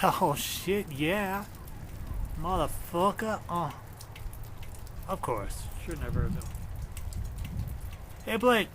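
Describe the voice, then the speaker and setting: Man, excitable, swearing, taunting the sky, fairly high voice, loud rain all around. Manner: excitable, profane, taunting the storm. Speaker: vlogger filming a storm. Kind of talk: excited running commentary. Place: outdoors under a shelter in a rainstorm. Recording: rain noise on a handheld camera.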